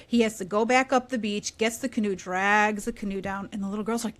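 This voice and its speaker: A woman in her thirties, a podcast guest, telling a story animatedly in casual conversation and dropping into quieter asides. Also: medium pitch, fairly even intonation, brisk, hardly any pauses.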